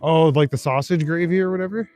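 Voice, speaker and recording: A young Northern Ontario man, from Canada, keeps up a quick pace in a voice on the high side as he chats with stream viewers during a night walk through city back streets. There's no echo, just soft background music. His manner is relaxed, with casual swearing, and he reads and replies to the chat.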